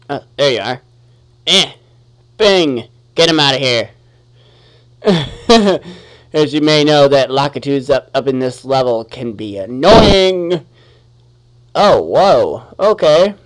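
A man giving let's-play commentary on his gameplay, talking to the enemies on screen and quickly getting annoyed. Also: mid-range voice, lively intonation. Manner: talks to the enemies on screen, easily annoyed, exclaims.

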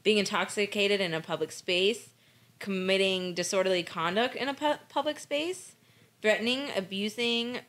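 A woman's voice: on the low side, a bit bright. An American woman co-hosting a casual true-crime podcast, recapping a case with frequent swearing and laughter. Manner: irreverent, swears freely, laughs often. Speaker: podcast co-host.

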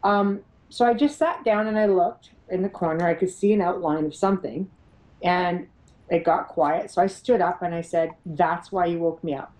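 A middle-aged woman, a paranormal investigator, telling her experiences as an interview guest, animated and laughing often as she acts out what others said. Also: on the low side, moderate pace, poor audio. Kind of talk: storytelling in an interview.

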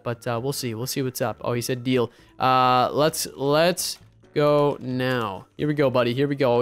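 A young man giving excited, energetic gameplay commentary as a YouTuber, breaking into yelps and shouts at the action on screen. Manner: energetic, bursts into high yelps and shouts at the game. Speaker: gaming YouTuber.

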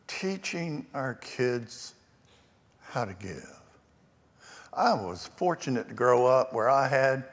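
A man preaching a storytelling sermon as pastor, with shifting emphasis and hushed asides. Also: medium pitch. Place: church sanctuary. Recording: long church reverb.

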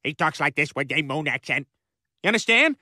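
A man's voice: high voice, lively intonation, fairly quick, pushed and bright, no room sound, studio quality. A man voicing a brash, bossy cartoon dad. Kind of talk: animated sitcom voice acting.

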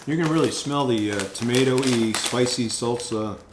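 A food reviewer hosts his own casual vlog, rambling with repeated words and lots of ums. He has a mid-range voice at normal speed, recorded in an echoey room with faint noise.

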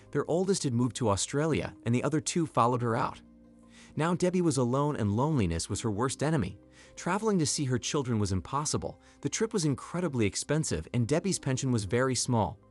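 Guy narrating a story video, clear and even, lively pitch, faint music behind. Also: brisk.

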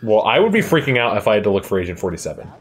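Young guy, very animated delivery, dry let's-play humor. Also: on the low side, husky. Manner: dry, wry, expressive, quick to object. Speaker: co-host who uploads the videos. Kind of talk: casual gaming commentary.

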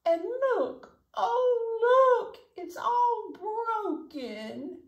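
A woman voicing a fretful little boy bear cub in a high, whimpering voice. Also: lively intonation, slow, darkish tone, muffled recording, full character voice. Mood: tearful. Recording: echoey room, faint noise.

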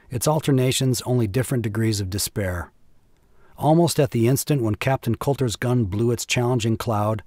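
A man reading a classic war story aloud at a measured, even pace. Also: mid-range voice, dry recording, studio quality. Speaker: audiobook narrator.

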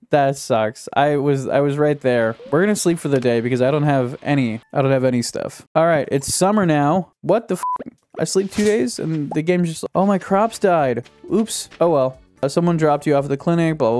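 A young man casually commenting on his own gameplay, excitable and chatty, talking to himself and to the game. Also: a little high, normal speed, soft background music. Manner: excitable, talks to himself and the game, yelps at surprises. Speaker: gaming YouTuber. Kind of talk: casual let's-play commentary.

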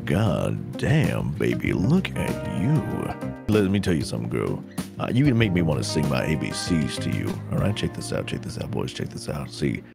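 A man putting on a cheesy, smooth-talking flirt voice, drawling his lines low and slow over loud game music. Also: huge pitch swings, full character voice. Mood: flirty. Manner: low, drawling pickup-line delivery.

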